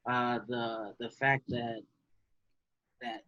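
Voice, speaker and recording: A man's voice: mid-range voice, little pitch movement, drawn-out words, pushed and bright, highs cut off. A man co-hosting a casual film podcast, hesitant and trailing off with many "um"s. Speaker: podcast co-host.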